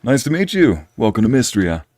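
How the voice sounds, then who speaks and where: A man's voice: medium pitch, big pitch swings, normal speed, darkish tone, no echo, pitched above the performer's own voice. A man voicing a helpful young male carpenter in a farming game, reading his greeting in a welcoming, chatty way.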